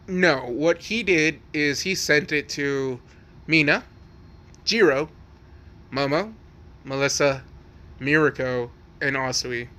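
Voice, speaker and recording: A man with a bright, forceful tone rambles through an improvised fan story. He swears freely, piles on likes and restarts, and sits a bit higher than most men.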